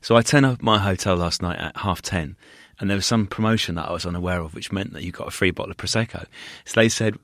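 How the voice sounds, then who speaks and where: A man's voice: sits low, fast talker, few pauses, a bit bright. A man co-hosting a podcast, cheerful and chatty as he tells stories in casual chat. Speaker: podcast co-host.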